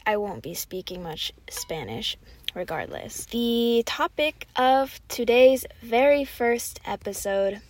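Slow-talking young American woman host. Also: medium pitch, no echo. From United States. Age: 20s. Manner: chatty and self-deprecating, with soft asides. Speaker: podcast host. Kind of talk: slow, clear podcast talk for learners.

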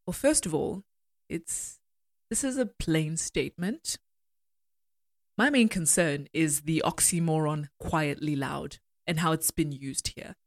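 A woman giving a measured, analytical critique of poems and reading lines aloud. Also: deep voice, no echo, studio quality. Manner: measured, deliberate, argumentative. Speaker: poetry critic.

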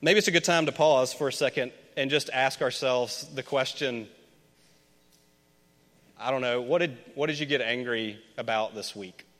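A pastor from Memphis, USA, delivers a conversational sermon, chatting with his congregation and asking them questions. His voice is medium-pitched and a bit bright at a normal speed, and the long reverb of a large hall surrounds it.

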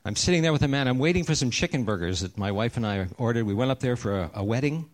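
A middle-aged pastor earnestly tells a personal story in his sermon, his medium-pitched voice sinking hushed and slow whenever he reaches the serious parts.

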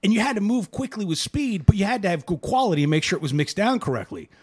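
Man, podcast co-host, animated pitch, slightly high voice, jokey and loose. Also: fast talker, breathy edge. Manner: joking, laughs often, drifts into corporate jargon. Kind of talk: casual chat.

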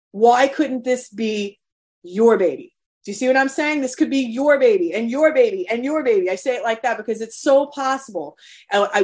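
A woman coaching parents in a live webinar, talking in an earnest, motivational way and swearing openly. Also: a little high. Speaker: potty training coach.

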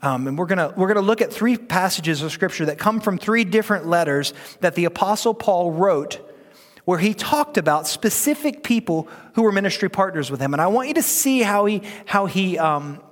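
A man's voice: sits high, expressive, normal speed. A middle-aged man preaching a conversational sermon as pastor, joking and leading the congregation in reading aloud. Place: church sanctuary. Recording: long hall reverb.

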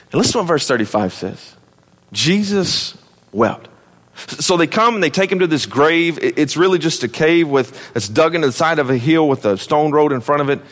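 Male pastor, conversational sermon delivery, dramatic loud-to-hushed swings, reverberant hall. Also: medium pitch. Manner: conversational preaching with repeated calls to listen.

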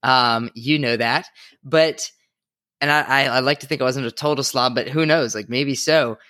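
A man's voice: medium pitch, normal speed, pushed and bright, no echo, clean studio sound. A young man co-hosting a casual podcast chat, thoughtful and hedging, with many fillers. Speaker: podcast co-host.

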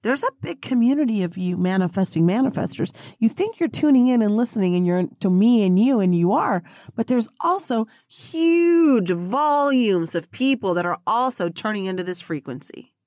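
A woman hosting a solo podcast in a casual, animated way, laughing, swearing freely and talking to herself. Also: mid-range voice, moderate pace, few pauses, no room sound, clean studio sound. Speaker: podcast host.

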